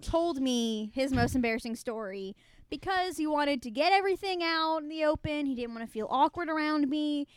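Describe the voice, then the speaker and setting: High pitched woman guest on a podcast, chatty and laughy. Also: lively intonation, normal speed, dry recording. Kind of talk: casual chat.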